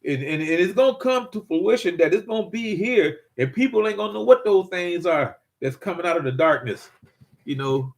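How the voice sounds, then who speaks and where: Older man, prepper host, rambling folksy monologue, voice a bit high. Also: animated, moderate pace, creaky. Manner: rambling, repeats himself, folksy storytelling. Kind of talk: casual monologue to viewers.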